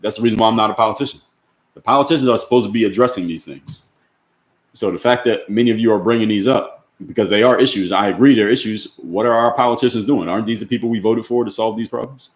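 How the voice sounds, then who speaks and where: A man's voice: fairly low pitch, quick pace, reverberant. A man hosting a livestream, reading chat comments and answering them bluntly with rhetorical questions. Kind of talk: opinionated livestream talk.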